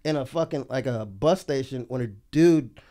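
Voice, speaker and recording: A man's voice: medium pitch, moderate pace, mellow. A man, a comedian guest on a podcast, telling rambling stories in casual chat and laughing through them.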